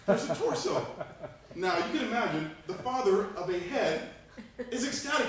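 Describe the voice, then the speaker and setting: A man in his thirties, from Panama, giving an animated humorous speech to a club, laughing between lines. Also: high-pitched, normal speed. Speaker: club speaker. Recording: echoey room, distant mic, faint noise.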